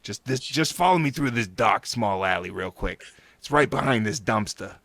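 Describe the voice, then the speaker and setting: A man voicing a shady street hustler with a gruff New York accent. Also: medium pitch, lively intonation, moderate pace, a bit bright, no room sound. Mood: menacing.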